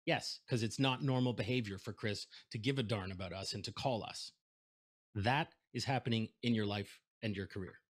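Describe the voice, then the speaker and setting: Animated man telling a keynote story. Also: lowish voice, normal speed. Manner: animated storyteller, acts out both sides of phone calls. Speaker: keynote speaker.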